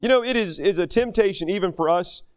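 A middle-aged American man preaching a sermon in a folksy, animated way, raising his voice for quoted speech. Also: sits high, quick pace, clear, resonant tone. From United States.

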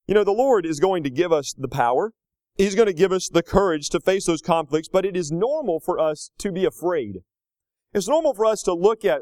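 A man in his thirties preaching a sermon, rising to loud, slow emphatic lines and dropping to quiet, casual asides. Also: expressive, no room sound. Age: 30s. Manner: swings between loud emphatic peaks and low conversational asides; slows down hard on key phrases.

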